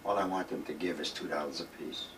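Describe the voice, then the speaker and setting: A man's voice: rumbling low, fairly even intonation, fast, fairly bright tone, distant mic, a little hiss or hum, low-quality recording. An older man being interviewed, reminiscing in a rambling, emphatic way and acting out the dialogue of his old stories. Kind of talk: reminiscing storytelling. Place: retirement village home.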